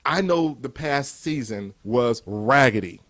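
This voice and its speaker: A motivational speaker in his fifties from Cleveland, USA, speaks slowly and animatedly in a mid-range, somewhat bright voice. His speech is emphatic, with repeated rhetorical build-ups.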